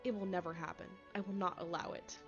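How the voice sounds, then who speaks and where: A woman voicing a protective male werewolf alpha in a game, reading his lines in an earnest, measured way. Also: lowish voice, fairly even intonation, natural voice. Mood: solemn. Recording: slightly dull lo-fi audio, faint music.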